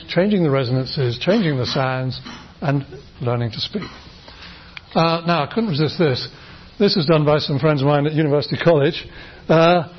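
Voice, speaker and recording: A man's voice: on the high side, slight background noise. A middle-aged man lecturing a class, enthusiastic and chatty, often restarting his sentences as he runs demonstrations. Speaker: university lecturer. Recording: dull, lo-fi lecture recording.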